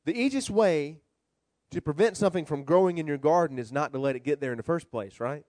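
A man who is a rabbi, preaching a sermon with animated, humorous storytelling. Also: fairly high pitch, brisk, no echo.

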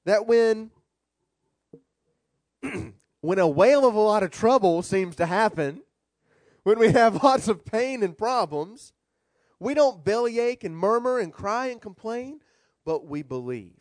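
Brief: male rabbi, funny storytelling sermon, very expressive swooping delivery. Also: high-pitched, measured pace, long pauses, dry recording. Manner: animated, humorous storytelling preaching.

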